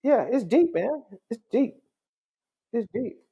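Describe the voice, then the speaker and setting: Middle-aged male judge as podcast guest; raspy, gravelly, animated storyteller who restarts and repeats words. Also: very high voice, takes it slowly. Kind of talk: casual storytelling conversation.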